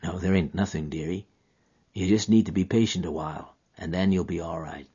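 A man voicing a gaunt, dying frontiersman, gentle and weary, speaking in a drawling rustic dialect. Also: low voice, steady tone, fairly quick, slightly rough, lo-fi sound, voice pushed down.

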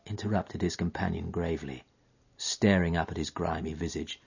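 A man narrating a literary story in an expressive, dramatic, drawn-out manner. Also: low voice, creaky, husky, muffled recording. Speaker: audiobook narrator.

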